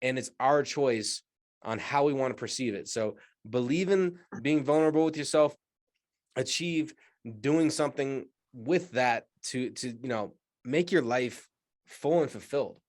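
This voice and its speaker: This is a mid-pitched man co-hosting a casual podcast. He sounds reflective and encouraging. His speech is halting, with frequent restarts. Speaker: podcast co-host. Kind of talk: casual podcast segment wrap-up.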